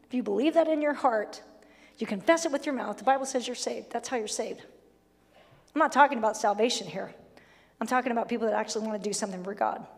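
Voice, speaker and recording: A woman's voice: a little high, fast, big-room sound. A woman pastor preaching a sermon, emphatic, blunt and humorous, sometimes acting out the voices she quotes. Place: church sanctuary.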